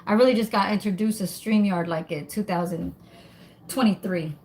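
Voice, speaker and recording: A woman's voice: medium pitch, moderate pace, darkish tone, slight background noise. A woman hosting a casual cooking livestream at home, chatting with her viewers while she cooks and swearing now and then. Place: home kitchen, then outdoors.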